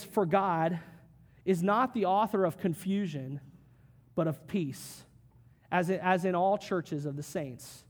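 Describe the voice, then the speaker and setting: A male pastor giving a conversational sermon, with joking asides and quick acted quotes. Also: high-pitched, a little mellow, breathy edge.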